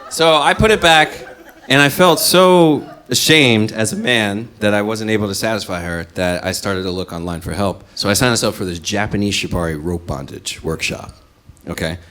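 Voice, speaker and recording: A man's voice: fairly low pitch, moderate pace, a bit bright. A man doing stand-up, telling a story in a profane, exasperated way. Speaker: stand-up comedian.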